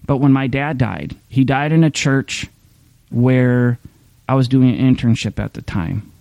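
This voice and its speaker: A man's voice: mid-range voice, a little slow, creaky, darkish tone, no room sound. A man preaching a sermon in a candid, conversational way, often restarting his sentences. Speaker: pastor. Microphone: streaming camera mic.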